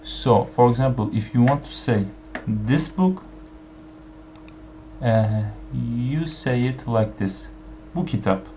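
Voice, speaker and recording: A man whose first language is Turkish gives an online language lesson, speaking slowly with many fillers and repeating each example phrase. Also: medium pitch, warm tone. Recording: dull lo-fi sound with faint background hiss.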